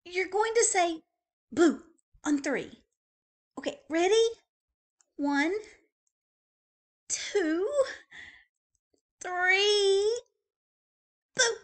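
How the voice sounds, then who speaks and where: A woman's voice: very high-pitched, fairly bright tone, pitched above the performer's own voice, heavily acted. A woman voicing a fretful little penguin with hiccups, chatty and pleading, in a children's storybook read-aloud. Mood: excited.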